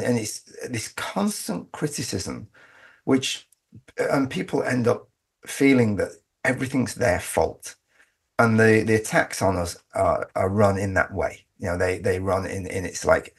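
A man's voice: lowish voice, expressive, a little slow, gravelly, breathy edge. A man speaking as an interview guest, making his case emphatically and often restarting his sentences. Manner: emphatic, argumentative, with frequent restarts. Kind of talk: conversational interview.

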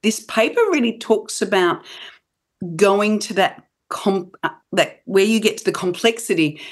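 A woman's voice: mid-range voice, measured pace. A woman talking through ideas on a discussion show, thoughtful and full of restarts. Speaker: panel guest. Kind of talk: casual discussion.

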